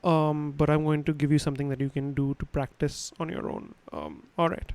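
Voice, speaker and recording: Man, livestream sound lesson, smooth clear voice, fairly high pitch, rambling with restarts, home mic. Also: little pitch movement, fairly quick, a little mellow, rough recording. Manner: casual, digressive, many fillers and restarts. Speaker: instructor. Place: his home room. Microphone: home studio microphone.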